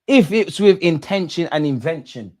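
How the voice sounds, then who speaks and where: Young man, excitable, slangy, live football reaction. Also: fairly high pitch, moderate pace. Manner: excitable, shouts at players and the referee, slangy. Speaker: football watch-along host. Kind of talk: live match reaction commentary.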